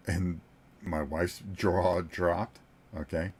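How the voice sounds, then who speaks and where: A man in his sixties with a very low, deep voice, hosting his own board game channel. He tells a story to his viewers in a loose, joking way and chuckles between sentences. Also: flat delivery, extremely slow, a little mellow, husky. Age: 60s. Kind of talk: casual storytelling chat to viewers.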